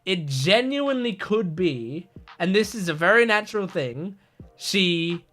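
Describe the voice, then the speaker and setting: A man's voice: high voice, lively intonation, unhurried, a bit bright. A young man giving casual commentary on an anime episode, talking in an earnest, gushing, rambling way with many restarts. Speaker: anime reaction host.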